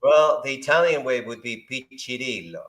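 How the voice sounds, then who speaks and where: A man's voice: mid-range voice, moderate pace, fairly bright tone. A man in his fifties from Argentina, a guest speaking in a friendly, easygoing way and often repeating words as he starts a thought. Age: 50s. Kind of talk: casual interview talk. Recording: echoey room.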